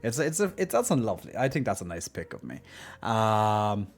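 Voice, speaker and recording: A man's voice: lowish voice, very animated, normal speed. A man streaming live and chatting casually, joking a lot, laughing often and restarting his sentences.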